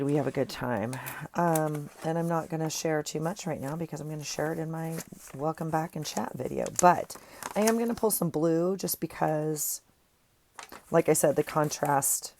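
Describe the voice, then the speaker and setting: Low, gravelly chatty woman crafting. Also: darkish tone, slight background noise. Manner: chatty, rambling, talks to viewers as friends. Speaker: craft vlogger. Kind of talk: casual chat while crafting. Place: home craft desk. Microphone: earphone mic.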